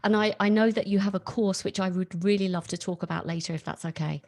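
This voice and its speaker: A woman's voice: medium pitch, fairly even intonation, fast, darkish tone. A woman hosting an interview podcast, politely setting up her questions to the guest. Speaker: podcast host.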